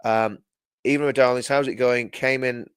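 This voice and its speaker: A man's voice: medium pitch, steady tone, normal speed, smooth, dry recording, clean studio sound. A middle-aged man hosting a livestream, ranting with sarcasm and indignation and often repeating his phrases. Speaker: livestream host.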